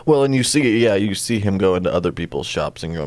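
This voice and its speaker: A man's voice: deep voice, expressive, fast, darkish tone, no room sound. A man co-hosting a podcast, chatting casually with dry jokes over a game being played. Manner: dry, joking, tangent-prone. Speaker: podcast co-host. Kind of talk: casual chat over gameplay.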